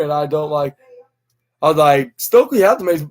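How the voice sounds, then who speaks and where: Young guy rambling thru a wrestling recap, kinda high voice, lots of uh and like. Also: moderate pace. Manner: rambling, many fillers and restarts, acts out quotes. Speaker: podcast host.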